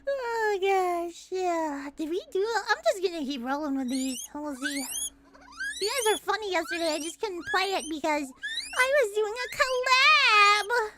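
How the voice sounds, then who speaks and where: A woman streamer chatting casually on a livestream, excitable and foul-mouthed, often breaking into shouts and laughter. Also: very high voice, normal speed, noisy background. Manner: excitable, swears a lot, bursts into shouting and laughter.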